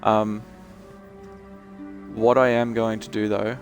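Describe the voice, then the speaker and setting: A male streamer chatting casually while he plays, rambling and restarting, his voice croaky and tired. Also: fairly low pitch, little pitch movement, slow pace, faint music behind. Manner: rambling, many restarts and fillers. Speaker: game streamer. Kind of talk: casual chat while gaming.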